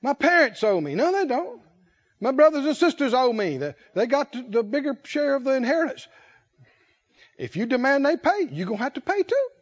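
High-pitched guy preaching, lively swoopy voice, folksy and jokey, kinda dull lo-fi audio. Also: brisk. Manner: animated, folksy, laughs often, acts out voices. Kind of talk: sermon. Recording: dull lo-fi sound.

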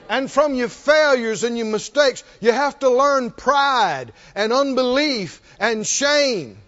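A man preaching a sermon as pastor, animated and repetitive, calling on the congregation to answer back. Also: very high voice, slow, hardly any pauses. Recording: dull lo-fi recording.

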